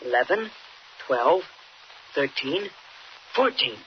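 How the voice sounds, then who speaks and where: An actor playing an eager, excitable teenage boy reporter in a 1940s radio drama. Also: medium pitch, slow. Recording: dull old radio recording with faint hiss.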